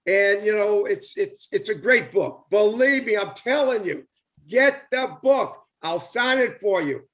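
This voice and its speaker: A man's voice: high-pitched, animated, measured pace, a bit bright. A man, hosting a casual live video chat and rambling enthusiastically with lots of fillers and repeats. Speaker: host, former baseball player.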